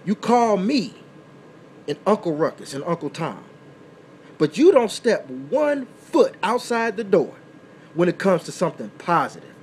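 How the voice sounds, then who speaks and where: A man's voice: high-pitched, very animated, measured pace, a little hiss or hum. A man hosting a talk radio show, delivering an impassioned, preachy monologue from a small indoor room. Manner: impassioned and preachy, building to loud emphatic outbursts.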